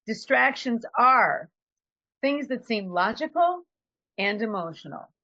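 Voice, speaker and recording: A woman's voice: fairly high pitch, very animated, takes it slowly, sharp tone, no echo, muffled recording. A woman giving a conversational, reflective motivational talk as a trainer. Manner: conversational, reflective, acts out quotes.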